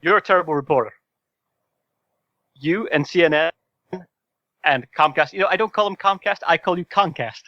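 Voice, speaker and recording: A man doing a brash, blustering politician, bright and pushy. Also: on the high side, normal speed, long pauses, no echo. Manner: boastful, repetitive, jabbing. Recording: slightly dull call audio.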